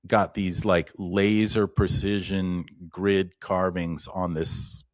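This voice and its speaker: A man with a deep, low voice speaks as a guest in a casual interview. He tells long, winding stories, restarts his sentences and drifts into asides, and he grows lively when he retells an anecdote. The sound is dry and close, with no room echo. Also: slow pace. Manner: rambling, with many restarts and asides. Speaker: shamanic practitioner guest.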